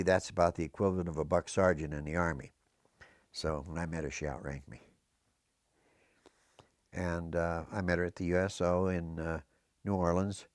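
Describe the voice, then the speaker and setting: An older American veteran, speaking in a deep voice, looks back on his military service for an oral history interview. He's a rambling storyteller who keeps drifting into historical tangents. The recording is clean studio sound with no audible room.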